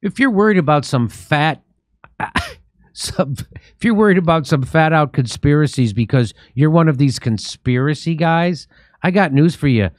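A man's voice: a little high, animated, normal speed, no room sound, clean studio sound. A male show host giving casual comedic commentary, emphatic and incredulous.

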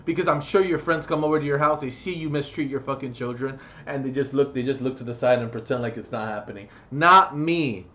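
A man in the middle of a vlog rant, talking straight to his viewers in an ordinary mid-pitched voice. He swears constantly and climbs into loud, heated bursts, then drops back into blunt, plain talk. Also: fairly even intonation, fast talker, hardly any pauses. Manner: heated, profane ranting with loud outbursts. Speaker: vlogger. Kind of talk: ranting vlog monologue.

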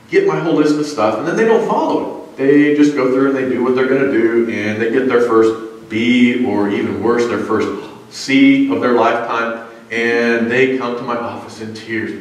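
A man's voice: medium pitch, far from the mic. Conversational male preacher in an echoey church. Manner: conversational, storytelling, frequent uh fillers. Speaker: pastor and college psychology teacher. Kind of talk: sermon. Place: church sanctuary.

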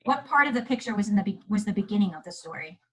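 A woman museum educator retelling a fairy tale to children, in an animated, chatty way, often asking her listeners questions. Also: medium pitch, rapid-fire, breathy edge, low-quality recording. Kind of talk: storytelling lesson for children.

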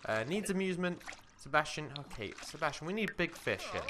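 A man's voice: on the high side, very animated, fairly quick, noisy background. A young man casually commenting on his life-simulation game, chatting to his character as he plays. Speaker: gaming commentator. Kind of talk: casual let's-play commentary. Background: game music.

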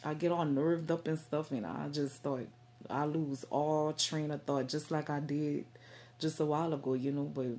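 A woman's voice: deep voice, steady tone, normal speed, mellow. A woman vlogging straight to camera about faith and herself, rambling and stumbling over her words with lots of fillers. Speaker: Christian vlogger. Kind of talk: casual direct-to-camera talk.

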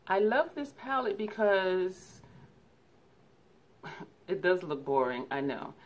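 A woman reviewing her eyeshadow palettes in a chatty, casual way, laughing often and correcting herself. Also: mid-range voice. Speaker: beauty vlogger.

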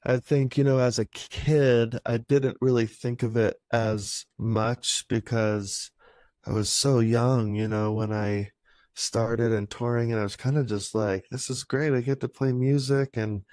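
A man's voice: medium pitch, fairly even intonation, unhurried, darkish tone, no echo, clean studio sound. Reflective male musician being interviewed. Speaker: guest musician. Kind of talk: interview answers.

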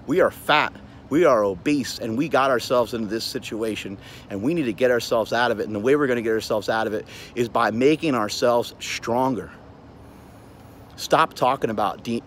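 A man lectures straight into his phone in a blunt, preachy way, swearing freely as he pushes his point. His voice sits at an ordinary middle pitch. Faint street noise hums behind him outdoors. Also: fairly bright tone. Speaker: gym owner and show host. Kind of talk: motivational monologue.

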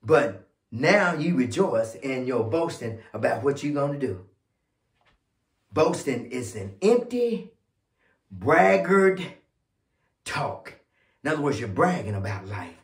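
A pastor preaching a fiery sermon, swinging from shouting to low murmurs. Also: male voice, reverberant. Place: church sanctuary.

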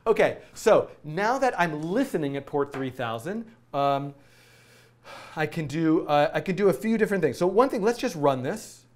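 A man's voice: a little high, expressive, moderate pace. A middle-aged man teaching coding in a casual, rambling way, often laughing and correcting himself as he works. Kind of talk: casual live-coding tutorial.

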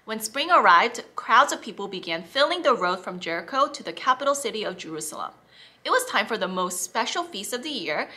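A woman teaching children, reading a Bible story in an expressive, animated way. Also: mid-range voice.

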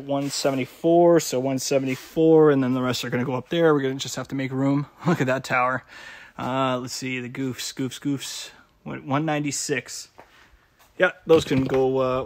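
A man's voice: mid-range voice, flat delivery, normal speed. A man from Canada running a shop, talking casually through a warehouse vlog, rambling with many fillers and little chuckles. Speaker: shop owner and vlogger. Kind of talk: casual behind-the-scenes vlog. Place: indoor warehouse.

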